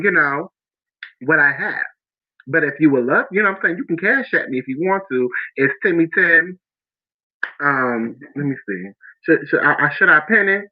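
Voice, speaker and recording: A man's voice: mid-range voice, dull audio. A man hosting his own podcast, rambling chattily with many restarts and fillers. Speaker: podcast host. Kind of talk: casual chat.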